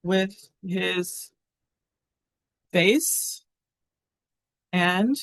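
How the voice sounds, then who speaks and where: A woman's voice: on the low side, normal speed, long pauses, a bit bright, no echo. A woman teaching a Latin lesson in a classroom, chatty and thinking aloud as she translates.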